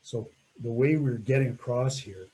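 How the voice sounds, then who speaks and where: Mellow-voiced man recounting a climb. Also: mid-range voice, normal speed, breathy edge, rough recording. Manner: reflective, laughs often, trails off. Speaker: mountaineer telling a climbing story. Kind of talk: storytelling talk over slides.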